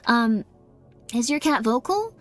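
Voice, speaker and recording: A woman's voice: fairly high pitch, very animated, unhurried, faint music behind. A woman streamer chatting casually with her viewers in a rambling way, with many fillers and frequent laughs.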